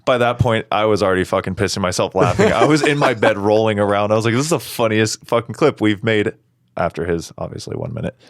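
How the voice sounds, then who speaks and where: A young man co-hosting a podcast, excitable and over the top, swearing freely in casual chat. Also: lowish voice, fast, dry recording, clean studio sound. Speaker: podcast co-host.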